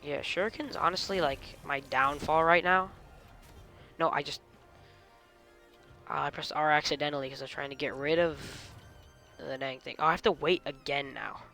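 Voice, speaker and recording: Man, gameplay commentary, slightly high voice, tense and forceful, excitable, mock British slang, faint game music behind. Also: normal speed, vocal fry, pauses often. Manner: excitable, talks to himself and the enemies mid-fight; drops mock British slang now and then. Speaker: gaming channel host.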